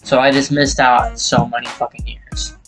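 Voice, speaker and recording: A man's voice: medium pitch, moderate pace. Late-20s male gamer, casual profane storyteller, faint music under. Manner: rambling, profane, animated when retelling. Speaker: gaming YouTuber. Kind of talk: casual storytelling over gameplay.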